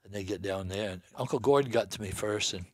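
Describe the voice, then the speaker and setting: A man's voice: on the low side, fast talker, dry recording. An older man from the northeastern United States, a guest telling a long hunting story in a folksy way, laughing between lines. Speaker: guest hunter. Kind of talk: storytelling in casual chat.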